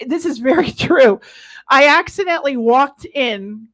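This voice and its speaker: A woman co-hosting a casual chat show, telling animated stories with laughs and loud acted-out quotes. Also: sits high, a little slow. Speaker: co-host.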